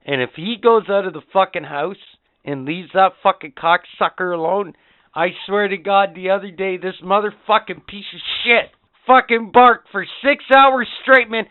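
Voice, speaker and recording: A man's voice: sits high, moderate pace, clean tone, no room sound. A man co-hosting a podcast, ranting with crude, profane comedy. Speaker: podcast co-host. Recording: dry, phone-like lo-fi sound.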